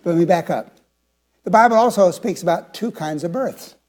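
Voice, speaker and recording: A seventy-year-old pastor preaching a sermon in a notably high-pitched voice. He asks the congregation questions and swings from hushed, confiding moments to emphatic declarations. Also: normal speed. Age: 70s.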